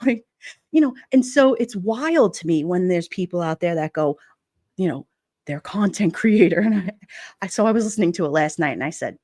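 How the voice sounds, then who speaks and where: A woman's voice: medium pitch, animated, normal speed, a little mellow, dry recording, studio quality. A woman hosting a casual livestream, chatting with viewers in a blunt, playful way and laughing often. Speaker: livestream host. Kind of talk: casual live chat with viewers.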